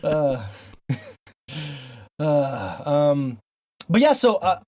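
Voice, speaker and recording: A man from Montana hosting a gaming podcast, rambling excitedly with crude jokes and lots of fillers. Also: on the high side, extremely slow, dry recording, clean studio sound. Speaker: podcast host. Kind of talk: casual gaming podcast banter.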